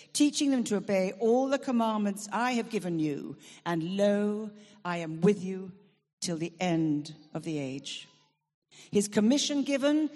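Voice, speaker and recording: A woman preacher giving a lively, humorous sermon at an outdoor festival, building to loud emphatic proclamation. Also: mid-range voice, in a large hall.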